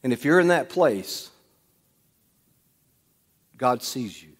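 A man preaching a sermon in a church, swinging between loud bursts and hushed, quiet lines. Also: mid-range voice, expressive, slow pace. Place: church sanctuary. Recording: long hall reverb.

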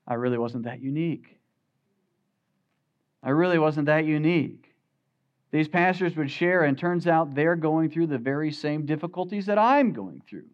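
A man preaching a sermon as pastor, swinging from loud emphatic peaks to quiet, low asides. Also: muffled recording.

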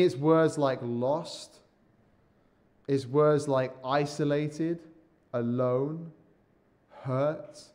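A male pastor preaching a sermon. He is earnest, repeats words as he starts some sentences, and slows down and drops his voice on key phrases. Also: fairly high pitch, dark tone. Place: church or studio, podcast recording.

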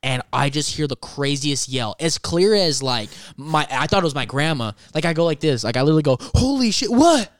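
A man's voice: on the high side, a little fast, hardly any pauses, fairly bright tone, clean tone, no echo, clean studio sound. A man co-hosting a podcast, telling a spooky story in casual chat and swearing a lot. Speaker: podcast co-host.

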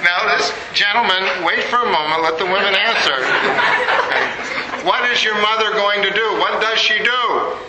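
A man's voice: high-pitched, normal speed. A man giving an interactive lecture, quizzing the audience and making joking asides. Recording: echoey room with noise.

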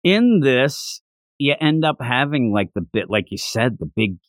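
A man in a casual podcast chat whose pitch swings widely as he jumps into acted-out character lines. The sound is dry and close, with little room around it. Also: a little slow, no room sound. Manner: animated, acts out character lines in raised voices. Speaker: podcast co-host. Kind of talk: casual anime recap chat.

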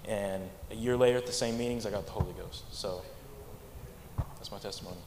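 A young man giving a church testimony in a halting way, often repeating words, mostly speaking quietly. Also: fairly low pitch, very noisy. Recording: echoey hall, faint ambience.

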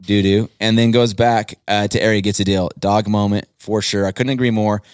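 A man hosting a casual sales-team podcast, jokey and full of shout-outs for his reps. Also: lowish voice, flat delivery, brisk, smooth, dry recording, studio quality. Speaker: podcast host.

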